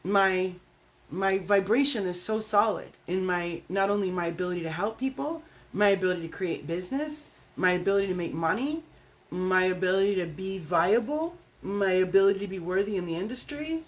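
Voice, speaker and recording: A woman's voice: mid-range voice, brisk. A middle-aged woman, an energy healing and fitness coach, talking candidly and bluntly with plenty of swearing, often checking in with "right?" and "okay?". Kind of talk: candid casual monologue.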